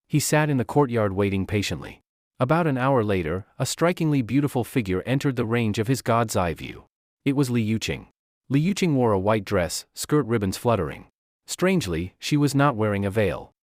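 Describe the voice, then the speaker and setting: A man giving expressive scripted narration of a novel. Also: mid-range voice, no room sound, clean studio sound.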